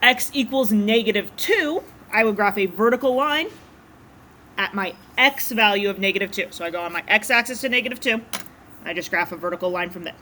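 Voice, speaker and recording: Bright-voiced woman math teacher. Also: medium pitch, lively intonation, a little fast, a little hiss or hum. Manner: casual, chatty explaining. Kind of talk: classroom lecture. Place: classroom.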